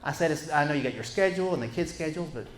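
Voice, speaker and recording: A middle-aged man tells a folksy, animated stand-up story from a stage, acting out both sides of a talk with his wife. His voice sits a bit high for a man. The sound is echoey, with clear noise under it. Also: very fast. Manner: folksy, animated, acts out quotes. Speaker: stand-up comedian. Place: stage before a live audience. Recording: echoey room with background noise.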